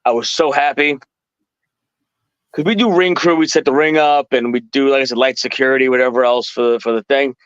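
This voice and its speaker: A middle-aged man telling wrestling stories in a casual chat, animated and acting out quoted people in a raised voice. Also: mid-range voice, fairly quick, clear, resonant tone, no room sound. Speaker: podcast guest telling stories. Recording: dull dry lo-fi stream audio.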